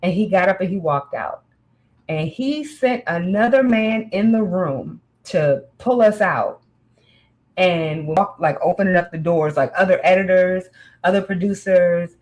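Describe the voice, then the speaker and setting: A woman in casual chat, telling a candid personal story with animated, frank delivery. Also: lowish voice, unhurried, low-quality recording.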